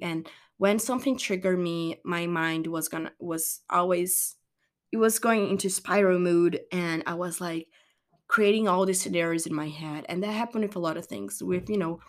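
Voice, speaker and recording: Earnest woman giving candid life advice. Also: fairly low pitch. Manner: earnest, rambling, self-correcting. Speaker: wellness vlogger. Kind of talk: candid motivational monologue.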